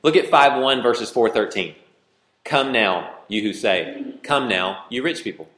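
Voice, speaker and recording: A man's voice: medium pitch, animated, measured pace, a bit bright, echoey room. A man preaching a sermon, reading scripture aloud and arguing over it with growing intensity. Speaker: pastor.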